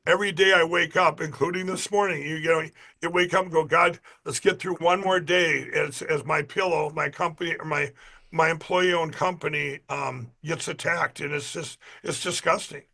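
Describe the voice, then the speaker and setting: A man's voice: a little high, steady tone, moderate pace, creaky, sharp tone. A man, an interview guest, telling stories emphatically, repeating himself and acting out what others said. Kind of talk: animated storytelling.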